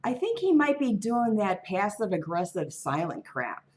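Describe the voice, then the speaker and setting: A woman's voice: mid-range voice, big pitch swings, normal speed, a little mellow. A woman reading tarot cards alone on her channel, musing in a wandering, offhand way. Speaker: tarot reader. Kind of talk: casual tarot reading monologue.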